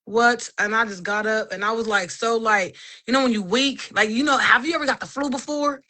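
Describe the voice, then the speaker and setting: A woman in her thirties shares a personal faith testimony in relaxed podcast conversation. Her voice is bright and forward, and she tells the story with animation, slipping into the voices of the people she quotes. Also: a little high, brisk. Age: 30s.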